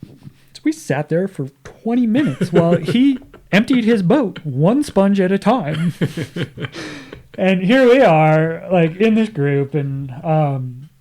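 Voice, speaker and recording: A man's voice: high voice, expressive, slow, darkish tone. A man talking as a podcast guest, telling a casual story, acting out what others said and laughing often.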